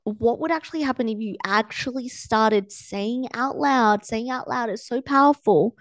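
On her own coaching podcast, a young adult woman talks casually by herself, filling her speech with fillers and acting out what she was thinking. Her voice is a little high and moderately paced, with no room sound.

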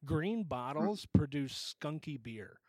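A man from Michigan hosting a casual beer podcast in his basement bar, loud and swearing, laughing often. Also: a little high, expressive, slow, crowd noise. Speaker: podcast host. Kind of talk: casual chat over beers.

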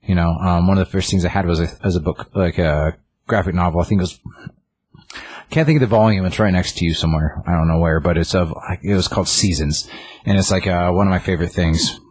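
A man with a very low, husky voice rambles through a story in casual chat. He piles up fillers and restarts and breaks into the characters' lines as he goes. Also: steady tone, fast, a little mellow. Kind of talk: casual chat retelling a comic.

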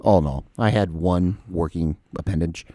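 Recorded in clean, echo-free studio sound, this host has a deep voice and speaks at normal speed. He spins a casual, animated story on his podcast, cursing liberally and performing other people's lines.

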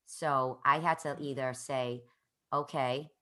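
A woman's voice: very deep voice, steady tone, slow, bright, forceful tone. A woman hosting an interview, talking earnestly and at length, often restarting her sentences. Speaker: podcast host. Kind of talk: conversational interview.

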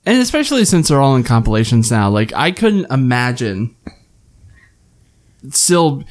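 Very low-voiced, animated young woman. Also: a little slow. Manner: animated, swears, jumps up high when quoting clips. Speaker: podcast co-host. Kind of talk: casual chat.

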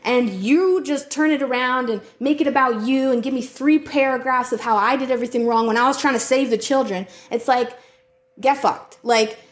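A woman co-hosting a podcast, her voice sitting a little high. She talks emphatically, swears freely and rambles through fillers and restarts. The sound carries a noticeable room echo. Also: moderate pace. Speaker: podcast co-host. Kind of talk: casual chat.

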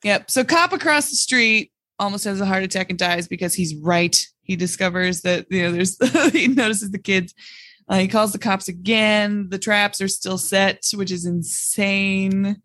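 A woman's voice: mid-range voice, normal speed, fairly bright tone, no echo, studio quality. A woman co-hosting a casual podcast, walking through a film's plot and laughing along. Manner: laughing, narrating plot step by step. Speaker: podcast co-host. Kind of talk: casual film recap chat.

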